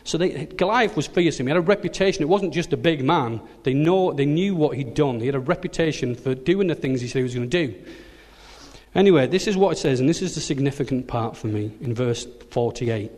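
A man preaching a sermon, who retells the story in a lively, joking way. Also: on the high side, fairly quick. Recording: long hall reverb.

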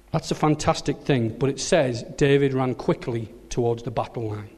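A man preaching a sermon, who retells the story in a lively, joking way. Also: medium pitch, brisk, hardly any pauses, husky. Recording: long hall reverb.

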